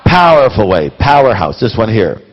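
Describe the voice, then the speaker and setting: A man's voice: lowish voice, sing-song, moderate pace, long reverb tail, dull audio. A man giving a live motivational seminar, quizzing his audience with rhetorical questions. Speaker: seminar speaker.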